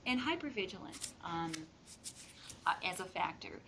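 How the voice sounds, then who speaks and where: A woman's voice: on the low side, animated, moderate pace, creaky, background noise. A woman giving a lecture on childhood trauma to an audience, speaking plainly and emphatically with vivid examples. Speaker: child mental health trainer. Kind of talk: training lecture.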